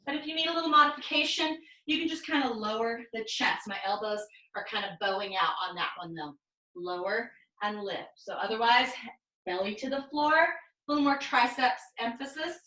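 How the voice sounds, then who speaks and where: A woman leading a pilates class over a video call, giving calm step-by-step cues and counting reps. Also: on the high side, normal speed, echoey room, rough recording. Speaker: pilates instructor. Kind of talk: guided exercise class cues.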